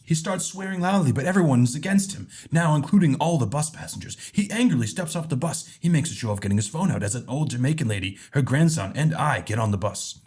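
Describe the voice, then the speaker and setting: A man's voice: fairly high pitch, animated, fast, hardly any pauses, a little mellow, breathy edge. A man hosting a casual comedy podcast, reading a story aloud and handing out roles. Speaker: podcast host.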